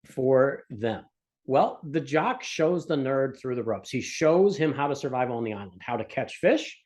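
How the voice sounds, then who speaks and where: A man's voice: mid-range voice, a little mellow. A man teaching economics in a recorded lecture, explaining with a casual, joking storytelling manner. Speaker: economics instructor.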